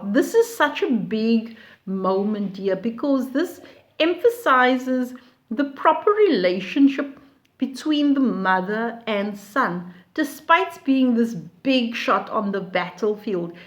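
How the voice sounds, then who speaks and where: A woman teaching literature, reading quoted lines aloud with feeling and then explaining them in a reflective, unhurried way. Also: a little high.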